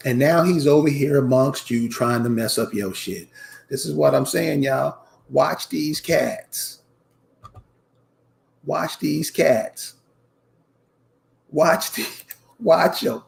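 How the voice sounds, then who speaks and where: A channel host with a slightly high, gravelly voice speaks slowly and pauses often. He's on a casual commentary rant, emphatic and preachy, repeating his points and calling out to his viewers directly as "y'all."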